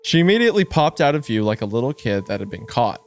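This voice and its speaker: A man co-hosting a horror podcast, trading jokes with quick laughs and dropping into a hushed voice to read the story. His pitch sits in an ordinary middle range. Soft music plays faintly under him. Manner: animated, laughs often, reads narration in a lower hushed tone. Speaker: podcast co-host reading a story. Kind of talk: casual horror podcast chat with story reading.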